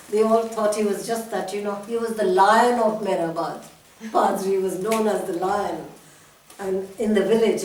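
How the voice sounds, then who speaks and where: A woman's voice: fairly high pitch, a little mellow. An older woman giving a talk, telling a personal story from memory, with many restarts and small laughs. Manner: reminiscing, with frequent restarts and laughs. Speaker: guest speaker. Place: talk venue hall. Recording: echoey hall from far off.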